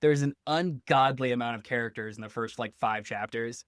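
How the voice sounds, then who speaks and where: A man talks as a guest on a podcast. He rambles and pokes fun at himself, at a middle pitch. The sound is dry and close. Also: normal speed, smooth, dry recording. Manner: rambling, self-deprecating. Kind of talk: casual chat.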